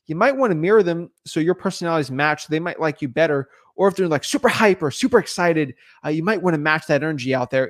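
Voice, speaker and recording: A young man teaching in a casual livestream, talking fast with lots of fillers and calling his viewers guys. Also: a little high. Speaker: real estate coach.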